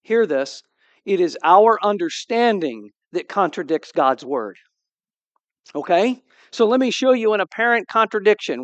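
A male pastor with a fairly high voice delivers an animated sermon, reading scripture and acting out the dialogue. The sound is close and dry, with almost no room echo. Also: normal speed. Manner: animated, acts out quoted dialogue; asks the congregation for responses.

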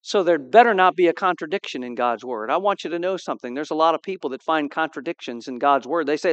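A male pastor with a fairly high voice delivers an animated sermon, reading scripture and acting out the dialogue. The sound is close and dry, with almost no room echo. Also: fairly quick, hardly any pauses, highs cut off. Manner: animated, acts out quoted dialogue; asks the congregation for responses.

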